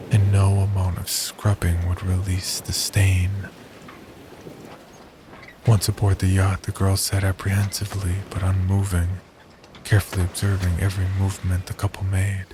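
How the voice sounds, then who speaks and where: A man narrating a horror story in a measured, scripted storytelling manner. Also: low voice, completely flat delivery, noisy background.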